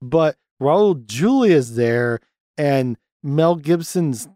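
A man hosting a casual podcast, rambling through a film's plot with lots of swearing and quick acted-out bits of scenes. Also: a little high, lively intonation, warm tone, dry recording, studio quality. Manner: rambling, profane, acts out scenes. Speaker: podcast host. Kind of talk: casual film-recap chat.

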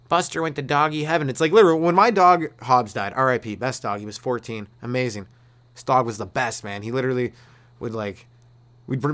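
A male comedian hosting a solo podcast, rambling and cursing through a loose rant, laughing at his own jokes and slipping into quick mock voices. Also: mid-range voice, fairly bright tone. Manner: slips into quick mock voices for quoted people.

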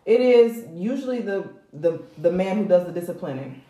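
A woman and single mother, chatting casually and telling stories in a relaxed, soft-spoken way. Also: fairly low pitch, moderate pace, recorded from a distance. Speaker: podcast co-host, single mother. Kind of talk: casual chat. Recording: echoey room.

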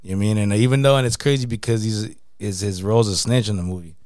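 Male co-host casual rambling talker, low voice, dry close sound, slangy and loose. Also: steady tone, rapid-fire, a little mellow, dry recording. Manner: slangy and rambling, keeps saying "bro". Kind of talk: casual chat.

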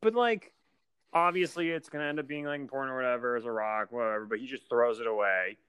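Animated man recapping a movie. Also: mid-range voice, quick pace, clean tone, dry recording. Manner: animated, acts out scenes in mock voices. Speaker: podcast co-host. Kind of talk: casual chat.

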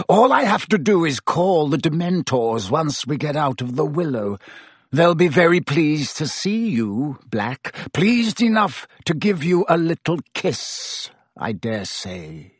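Brief: male reader doing a silky, hissing, spiteful middle-aged teacher, husky and slow. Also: a little high, big pitch swings, no room sound, exaggerated voice. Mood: silky menace. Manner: silky, hissing, rising to shrieks. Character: cold sneering male schoolteacher, middle-aged, vindictive.

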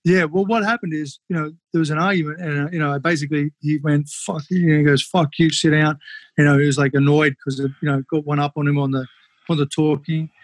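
A man, a former kickboxer, telling fight stories casually on a podcast, animated and swearing freely. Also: on the high side, fast, no room sound. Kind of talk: casual storytelling.

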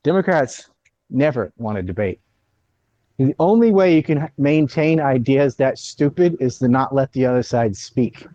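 A man's voice: mid-range voice, mellow, no room sound. Opinionated guy ranting casually, dull lo-fi audio. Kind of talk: casual political chat.

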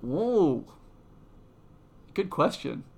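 A man chatting casually on a sports podcast, with a voice pitched a little above the usual. He banters and jokes easily with his co-hosts. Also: very animated, drawn-out words, vocal fry, a little mellow. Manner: joking, bantering. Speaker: podcast co-host. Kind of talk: casual chat.

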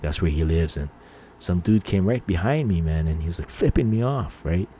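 A man's voice: low voice, lively intonation, moderate pace, warm tone, a little hiss or hum. A middle-aged man from Hawaii hosting a podcast, rambling through stories with lots of fillers and acting out angry lines. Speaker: podcast host. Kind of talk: casual storytelling monologue.

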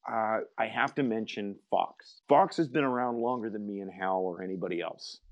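A man's voice: lowish voice, moderate pace, dry recording, muffled recording. A man hosting a podcast, chatting casually and reminiscing with friends in a rambling way. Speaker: podcast host. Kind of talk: casual group chat.

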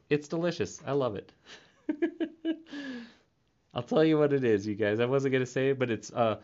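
A man's voice: mid-range voice, very animated, moderate pace, pauses often, a little mellow, lo-fi sound. A man in his thirties rambling playfully in a casual monologue, laughing often. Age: 30s. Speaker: vlogger.

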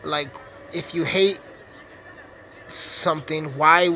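A man's voice: a little high, steady tone, takes it slowly, pushed and bright, poor audio. A young man giving rambling, profane, trash-talking commentary while playing a video game. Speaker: gaming streamer. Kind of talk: casual gameplay commentary.

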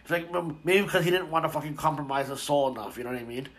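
A man's voice: fairly high pitch, racing. A man hosting a casual commentary stream, ranting in a rambling way with lots of swearing, fillers and restarts.

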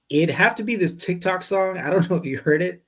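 A man co-hosting a podcast in relaxed casual chat, swearing and laughing often. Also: high voice, moderate pace, husky. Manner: laid-back, swears freely, laughs. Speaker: podcast co-host.

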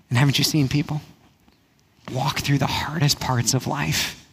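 A man, a pastor, preaching a sermon in a conversational way, repeating phrases and dropping to a hush for emphasis. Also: mid-range voice, level tone, creaky, slight background noise. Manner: conversational preaching with frequent repetition and "right?" asides; drops to a hushed, slow voice for emphasis.

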